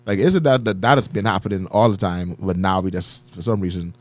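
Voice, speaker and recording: A man co-hosting a podcast, animated and joking, who laughs often and throws in quick asides. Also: sits low, no echo. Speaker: podcast co-host. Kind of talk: casual chat.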